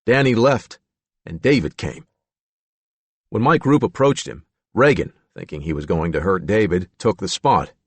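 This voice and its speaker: A man narrating a true-crime audiobook in a measured storytelling manner. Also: low voice, expressive, slightly rough, dry recording. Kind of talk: scripted narration.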